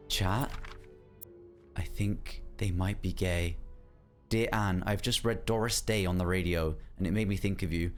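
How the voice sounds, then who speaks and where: A man's voice: low voice, steady tone, unhurried, soft background music. A man streaming a game live, reading notes and letters aloud and breaking off to chat with his viewers. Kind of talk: live gameplay commentary.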